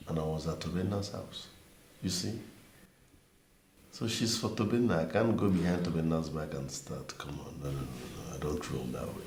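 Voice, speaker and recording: A man's voice: sits low, darkish tone, echoey room, a little hiss or hum. An actor with a Nigerian accent playing a self-assured young businessman who speaks in a dismissive, firm way.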